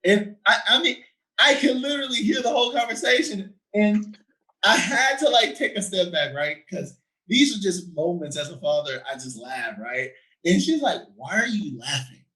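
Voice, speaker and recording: Man, 30s, lively conversational podcast co-host, brightish pitch, laughs easily. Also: moderate pace, low-quality recording. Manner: animated, laughing, frequent "right?" tags. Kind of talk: casual conversation.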